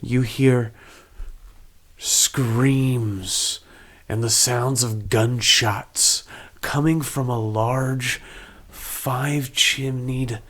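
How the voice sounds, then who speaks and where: A man's voice: mid-range voice, fairly even intonation, very slow, fairly bright tone. A man narrating a tabletop game as game master, describing scenes in an easygoing way.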